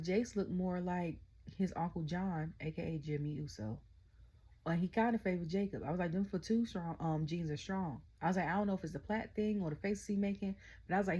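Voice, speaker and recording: A middle-aged woman casually recapping a wrestling event, excitable and chatty, constantly retelling her own reactions. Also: on the low side, slightly rough, dull audio. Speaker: wrestling show reviewer. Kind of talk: casual rant-style recap.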